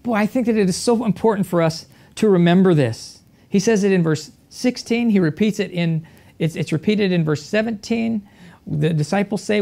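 Preacher with measured rhetorical questions. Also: medium pitch, gravelly, dark tone. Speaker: pastor. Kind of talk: sermon.

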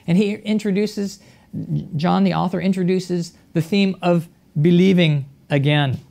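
A pastor delivers a sermon at an even, unhurried pace. The speaker leans on rhetorical questions and repeats key phrases for emphasis. The voice sits in a middle pitch. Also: creaky.

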